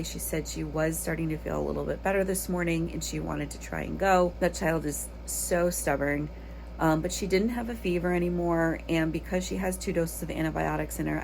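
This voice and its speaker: A woman's voice: deep voice, creaky, a little mellow, a little hiss or hum, poor audio. A woman, a mother chatting casually to her viewers in a home vlog, rambling and talking straight to the camera. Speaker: lifestyle vlogger and mother.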